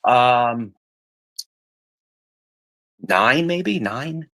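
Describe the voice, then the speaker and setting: A man's voice: medium pitch, expressive, extremely slow, fairly bright tone. Rambling middle-aged man telling stories. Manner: rambling, repeats himself, acts out quoted voices. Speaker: podcast guest telling family stories. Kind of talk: casual chat.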